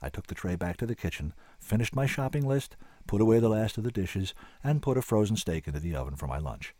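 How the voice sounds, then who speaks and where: Wry man narrating in a low lively voice. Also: fast, no room sound. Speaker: audiobook narrator. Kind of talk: first-person scripted narration.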